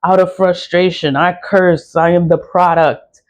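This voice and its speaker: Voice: mid-range voice, fairly even intonation, measured pace, muffled recording. A spiritual practitioner from the talks straight to camera over a candle ritual. The speech is blunt and profane, circling back on the same phrases again and again as they vent about people who wronged them. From the Bronx, New York. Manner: blunt, profane, repetitive venting. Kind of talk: casual vlog monologue while doing a candle ritual.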